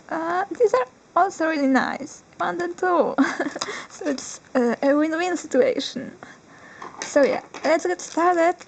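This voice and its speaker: A young woman, not a native English speaker, unboxing collectibles on camera, excitable and giggly, squealing with joy now and then. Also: sits high, gravelly, a little hiss or hum, rough recording. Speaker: vlogger. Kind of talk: unboxing vlog.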